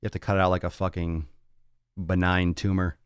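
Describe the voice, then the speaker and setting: A man's voice: low-pitched, level tone, brisk, clean tone, no echo, clean studio sound. A man hosting a fitness podcast, ranting bluntly with lots of swearing and tough-love talk. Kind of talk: casual podcast rant.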